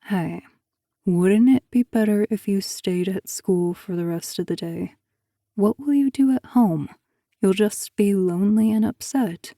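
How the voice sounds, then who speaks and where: A woman voicing a calm, manipulative male school teacher who talks in a hushed, coaxing way. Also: mid-range voice, measured pace, dry recording, clean studio sound.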